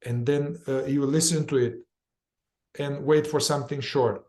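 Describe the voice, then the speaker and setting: A man with a mid-range, steady, slightly mellow voice leads a guided somatic therapy group. He talks informally and repeats himself, voicing inner thoughts through quick chanted phrases and occasional swearing.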